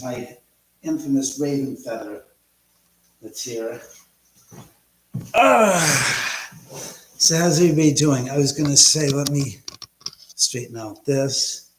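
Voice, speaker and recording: A man's voice: medium pitch, steady tone, measured pace, a little hiss or hum. Male livestream host, casual and chatty, middle voice, echoey home room. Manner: rambling, chatty, greets viewers by name. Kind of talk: casual live chat with viewers.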